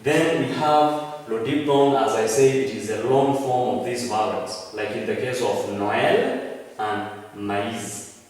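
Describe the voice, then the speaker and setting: A man teaching a French language lesson, talking slowly, often repeating words and correcting himself. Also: medium pitch, fairly even intonation, a little mellow. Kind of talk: classroom lecture. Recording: echoey room, far from mic.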